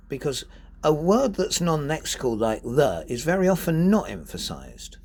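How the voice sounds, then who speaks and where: A man giving a spoken lesson on poetry, reading verse aloud and stressing syllables deliberately to show rhythm. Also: fairly high pitch, sing-song, breathy edge. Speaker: poetry teacher.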